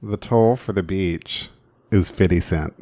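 A man's voice: low-pitched, a little slow, mellow. A man co-hosting a podcast, telling puns and teasing his partner in casual, wry banter. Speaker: podcast co-host.

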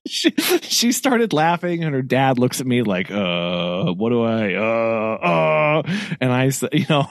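A medium-pitched man co-hosts a podcast, telling a story in casual conversation. He's lively, laughs frequently, and imitates the people in the tale. The recording is studio quality with no room sound.

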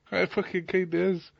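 A man's voice: high voice, creaky, slightly rough, no echo, dull audio. A man chatting casually on a podcast, blunt and joking, swearing constantly. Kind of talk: casual chat.

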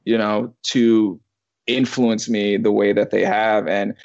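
A man in his thirties rambles through a personal story in casual conversation, with many restarts and the odd curse word. His voice is fairly low and creaky, with a darkish tone and little pitch movement, and he takes it slowly. The recording is muffled.

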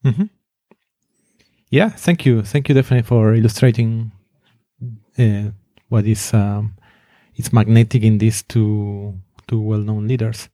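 Interview host with a mellow voice. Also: mid-range voice, fairly even intonation, slow, long pauses, dry recording, clean studio sound. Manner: brief backchannels and thanks.

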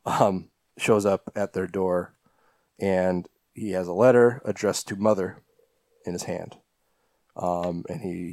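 A man's voice: deep voice, a little mellow, no echo. A man co-hosting a podcast, casually recapping a horror film with lots of ums and restarts. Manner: rambling, many fillers and restarts. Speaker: podcast co-host.

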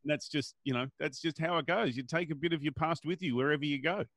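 A man's voice: a little high, fast talker, fairly bright tone, no echo. Friendly male interviewer, dry sound. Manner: friendly, questioning, a bit hesitant. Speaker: interview host. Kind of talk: casual interview.

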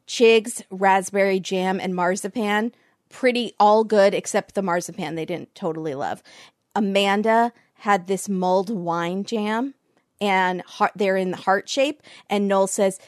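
A woman co-hosts a podcast, chatting casually about a baking show. She laughs often and acts out what people said. Her voice sits at a middle pitch and sounds close and dry. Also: unhurried, no echo. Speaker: podcast co-host. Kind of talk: casual chat recapping a show.

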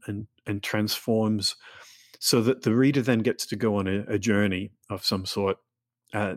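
A man's voice: lowish voice, no echo, studio quality. A man, an author and literature professor, speaking thoughtfully in an interview with frequent restarts, then reading from his novel. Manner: thoughtful, halting with restarts and fillers.

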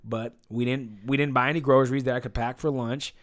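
A man's voice: mid-range voice, fairly even intonation, a little fast, a crowd in the background. Young male co-host, dry teasing banter, mid-range voice. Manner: dry, teasing, mock-defensive. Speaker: podcast co-host. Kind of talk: casual couple chat.

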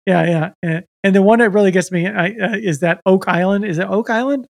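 A man's voice: high-pitched, brisk, creaky, no echo. A man co-hosting a podcast, chatting casually in a rambling, profane way. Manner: profane, rambling storyteller who acts out quoted people. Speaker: podcast co-host. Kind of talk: casual chat.

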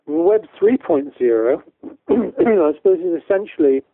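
A man's voice: fairly high pitch, big pitch swings, measured pace, dry recording. A man from the UK, a guest educator in a casual interview, talking in a rambling way with many restarts. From United Kingdom. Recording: tinny phone-line audio, dry.

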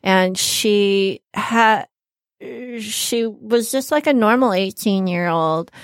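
A woman's voice: mid-range voice, slow pace, dry recording. Woman designer chatting on a podcast, middle voice, dry sound, tells stories. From Michigan. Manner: chatty storytelling, animated when quoting people. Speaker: fashion designer guest. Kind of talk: casual podcast interview.

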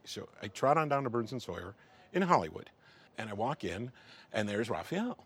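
Speaking at normal speed in a lowish voice with a breathy edge, this middle-aged film professional shares a wry story as an interview guest. He animatedly performs the dialogue himself.

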